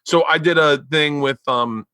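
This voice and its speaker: A man, hosting a casual podcast chat and telling stories with loud, high outbursts when he quotes himself. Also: measured pace, clean tone, no room sound. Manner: animated storyteller who jumps to loud high outbursts when quoting himself. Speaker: podcast host.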